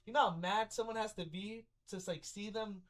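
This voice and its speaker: A man's voice: sits high, fairly even intonation, normal speed. Young man spinning a rambling story. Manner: rambling storytelling, heavy on filler words, acts out other people's lines; laughs often while telling. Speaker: podcast co-host telling a story. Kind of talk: casual chat.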